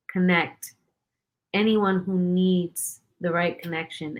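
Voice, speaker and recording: A woman hosting a podcast, chatting in an encouraging way and laughing often. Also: fairly low pitch. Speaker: podcast host. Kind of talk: casual podcast interview.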